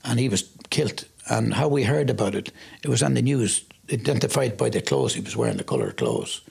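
A man's voice: mid-range voice, sing-song, brisk, creaky, a little mellow, husky. A middle-aged Irish man recounts his own past in an interview, acting out the things people said. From Ireland. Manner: vivid storytelling, acts out quoted talk. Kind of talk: personal testimony.

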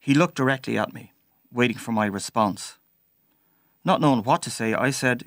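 Man telling a story, measured pace, gravelly voice, dry close sound. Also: mid-range voice, dry recording. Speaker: narrator. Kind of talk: personal story narration.

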